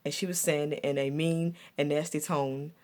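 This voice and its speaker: A woman's voice: deep voice, fairly even intonation, moderate pace, a little mellow. A woman vlogger telling a personal story from her past in a reflective, repetitive way, with stumbling restarts. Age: adult looking back on her younger years.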